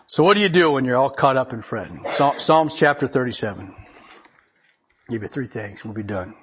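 A male pastor giving a casual, folksy sermon, his voice a touch higher than most men's. It has a husky, rough edge. He chuckles often and reads scripture aloud. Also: expressive, normal speed, long pauses, fairly bright tone. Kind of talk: conversational sermon.

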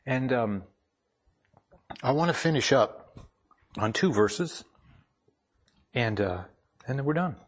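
A man's voice: mid-range voice, lively intonation, slow, pauses often, husky. A man giving a devotional talk to a gathering from up front, telling a personal story in a conversational, plainspoken way and reading scripture aloud.

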